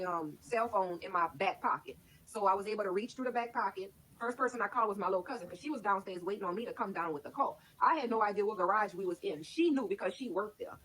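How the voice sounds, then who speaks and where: A woman's voice: medium pitch, fairly bright tone, slight background noise, rough recording. A woman casually telling her own life story to her stream viewers, candid and rambling, with lots of "like". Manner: candid, rambling, heavy use of "like". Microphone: streaming setup.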